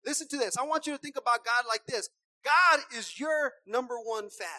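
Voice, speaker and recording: A woman preacher delivering a passionate sermon, repeating herself and swinging from soft asides to shouts. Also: a little high, brisk, no echo, low-quality recording.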